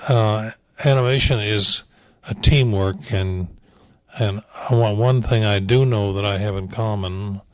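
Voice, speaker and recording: A man's voice: on the low side, no room sound, low-quality recording. An older man, a veteran animation director, reminiscing in a rambling, wryly humorous way, with frequent fillers and restarts. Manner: wry, dryly humorous. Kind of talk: anecdotal reminiscing talk.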